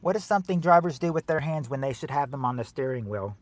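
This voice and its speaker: A man's voice: mid-range voice, lively intonation, fast talker, close to an everyday voice. A man doing a light impression of a famous older male comedian while reading out a game show question. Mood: drawling.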